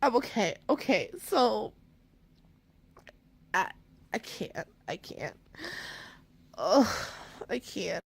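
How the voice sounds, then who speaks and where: A woman book vlogger chatting casually to her phone, gushing and rambling, swinging between giddy excitement and near tears. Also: medium pitch, very slow, vocal fry, long pauses, slightly rough. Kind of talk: casual fan vlog chat.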